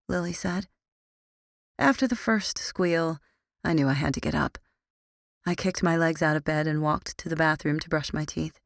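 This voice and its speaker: A woman's voice: fairly low pitch, moderate pace, vocal fry, dry recording. A woman reading a first-person audiobook with a dry, sardonic, grumbling manner. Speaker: audiobook narrator.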